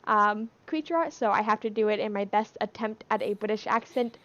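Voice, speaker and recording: A woman's voice: medium pitch, normal speed, a bit bright, dull audio. A young woman with a speech impediment on her O sounds, rambling casually on a livestream and laughing between points. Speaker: livestream cast member. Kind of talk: casual chat.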